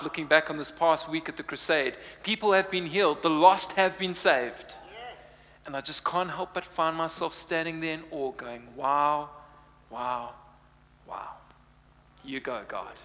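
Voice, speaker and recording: A man's voice: on the high side, normal speed, sharp tone, long reverb tail. A young man preaching a humorous sermon, playful and chatty, laughing often. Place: church hall.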